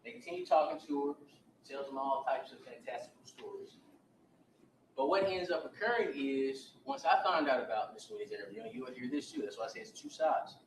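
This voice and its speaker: A man's voice: medium pitch, huge pitch swings, brisk, a little hiss or hum. A man, a defense attorney, giving an opening statement to a jury and retelling events with repeated, restarted words. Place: courtroom. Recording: roomy courtroom audio from a distance.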